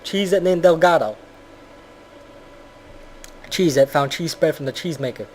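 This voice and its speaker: A man's voice: on the high side, normal speed, a little mellow, a little hiss or hum. A man giving a blunt, profane, rambling commentary on a video game.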